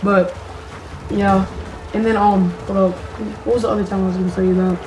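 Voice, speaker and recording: A woman tells a story in a chatty, rambling way, with lots of "um" and "like" fillers. Her voice sits at a middle pitch, with faint music underneath. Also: flat delivery, brisk, rough recording. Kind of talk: casual storytelling vlog.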